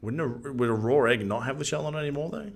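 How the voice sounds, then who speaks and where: A man with an Australian accent co-hosting a casual gaming podcast, chatty and quick to laugh, with lots of slang. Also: medium pitch, animated, creaky. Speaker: podcast co-host.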